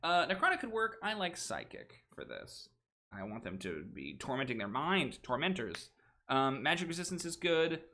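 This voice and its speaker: A man chatting through a casual livestream, thinking out loud as he works. His pitch jumps around a lot and his tone is bright and forceful. He makes goofy asides along the way. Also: very animated, moderate pace, a little hiss or hum. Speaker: stream host redesigning game monsters.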